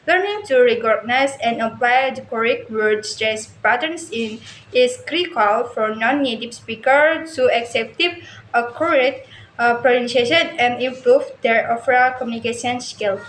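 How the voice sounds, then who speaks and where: A woman reads a class presentation aloud, slowly and haltingly, restarting some words. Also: a little high, a little hiss or hum. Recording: echoey room, faint ambience.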